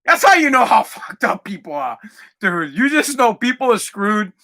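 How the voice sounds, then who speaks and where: High-voiced rambling podcast host man. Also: very animated, moderate pace, pushed and bright. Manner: rambling, profane, breaks into laughter. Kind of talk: casual monologue.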